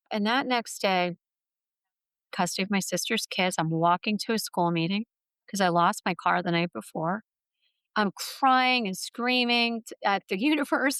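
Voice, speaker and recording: A woman's voice: mid-range voice, steady tone, normal speed, a bit bright, no room sound. A middle-aged woman, a guest author, telling a personal story in an interview in an earnest, heartfelt way. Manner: earnest, heartfelt, vivid retelling.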